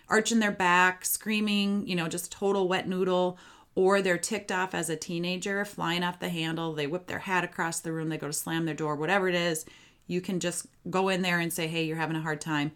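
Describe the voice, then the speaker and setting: Low-voiced woman hosting a parenting podcast. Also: clean tone. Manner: chatty, upbeat, addresses listeners directly. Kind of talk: solo podcast advice.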